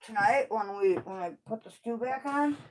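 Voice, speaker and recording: A woman's voice: fairly high pitch, moderate pace, noisy background. A woman chatting frankly while doing farm chores, tired and swearing casually. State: tired, with back pain. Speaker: kennel owner doing chores.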